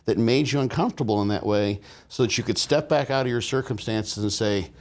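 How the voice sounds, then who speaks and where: A man's voice: on the low side, fairly quick, hardly any pauses. A man talking as a guest on a podcast in a loose, rambling way, with many restarts and fillers and a laugh now and then. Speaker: podcast guest, bodybuilding coach. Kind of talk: casual podcast conversation.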